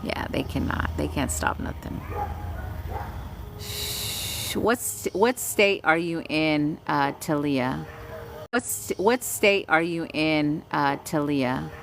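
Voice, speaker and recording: A Texan woman gives a casual spiritual energy reading on a live stream, soothing and chatty, giggling often. Her low, gravelly voice moves slowly with frequent pauses. Passing vehicles make the background noisy.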